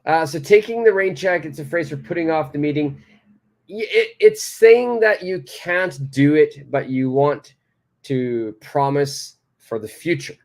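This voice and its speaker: A man's voice: fairly high pitch, measured pace, darkish tone. A man teaching an English lesson, patiently explaining phrases and repeating examples aloud. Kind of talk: live online grammar lesson.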